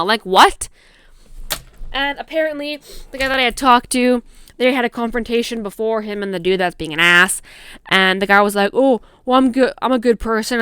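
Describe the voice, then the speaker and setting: A young adult woman hosting a podcast, telling a story in casual, profane, animated style and acting out the quoted lines. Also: mid-range voice, smooth, no room sound. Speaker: podcast host. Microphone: podcast microphone.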